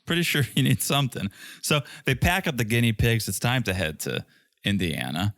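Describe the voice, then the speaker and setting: A man's voice: medium pitch, sing-song, fairly quick, gravelly, a bit bright, dry recording. A man co-hosting a podcast, recapping a reality show with dry jokes and wry asides. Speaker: podcast co-host.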